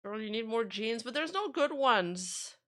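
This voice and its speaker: A woman's voice: a little high, animated, measured pace, a bit bright. A woman streamer in casual chat, rambling and trailing off as she reacts to videos. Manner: chatty, rambling, trails off mid-sentence.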